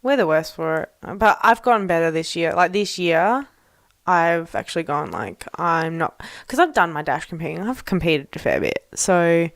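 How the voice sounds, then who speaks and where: A woman's voice: on the low side, normal speed, no echo, studio quality. A young Australian woman co-hosting a casual chat podcast, telling stories with frequent laughter and swearing. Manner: swears freely, laughs often, animated storytelling. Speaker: podcast co-host.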